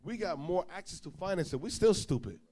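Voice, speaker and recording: Male preacher, higher voice, lively storyteller who acts out the dialogue himself, informal sermon. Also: a little fast, background noise. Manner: animated storyteller, acts out dialogue, swings loud and soft.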